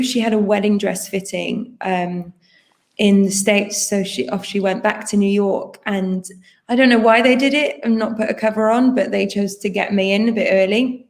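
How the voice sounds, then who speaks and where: Woman, interview guest, chatty storyteller, laptop video call, middle pitch. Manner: chatty, excitable storyteller who acts out others' lines. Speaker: guest performer. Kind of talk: casual interview chat.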